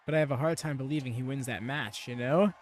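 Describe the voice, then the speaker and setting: A man's voice: mid-range voice, fast talker, a little hiss or hum. A man hosting a live watchalong, chatting casually and laughing at what he sees. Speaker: watchalong host. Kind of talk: live reaction chat.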